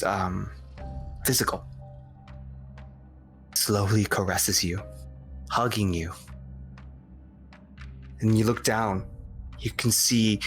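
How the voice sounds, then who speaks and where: A man narrating as game master in a tabletop game, with slow, descriptive storytelling that halts on fillers. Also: fairly low pitch, gravelly, fairly bright tone.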